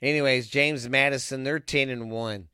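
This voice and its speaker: Dude rattling off football picks, bright crisp voice, swears a lot, dry close mic. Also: male voice, medium pitch, fairly even intonation, moderate pace, no echo. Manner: loose, profane and rambling, reading off scores. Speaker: podcast host. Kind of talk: casual sports picks monologue.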